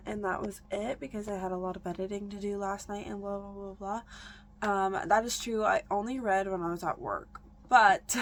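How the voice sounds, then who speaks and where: A woman's voice: medium pitch, a little hiss or hum. A young adult woman chatting casually in a reading vlog, rambling and correcting herself as she goes. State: out of breath. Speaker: book vlogger.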